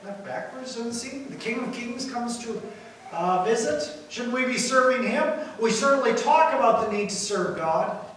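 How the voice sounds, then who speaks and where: Male pastor, emphatic sermon, fairly high voice, faint room hum behind. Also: expressive, moderate pace. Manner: emphatic, builds to loud points then drops quiet. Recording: echoey hall from far off.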